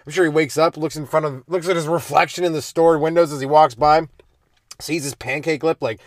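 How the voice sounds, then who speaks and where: A man's voice: a little high, fairly even intonation, fairly quick, no room sound. A young man, a stand-up comedian, telling rambling profane stories from his car in a driveway. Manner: loose, profane, meandering, with sudden loud jumps. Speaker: stand-up comedian hosting a podcast. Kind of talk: casual rambling storytelling.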